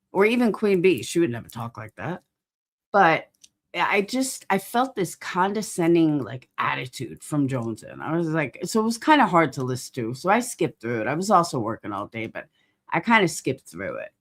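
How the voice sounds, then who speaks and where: Blunt, animated woman streamer with a lowish voice. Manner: rambling, blunt and profane, gropes for words; reads and greets chat viewers. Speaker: livestream host. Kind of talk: casual commentary stream.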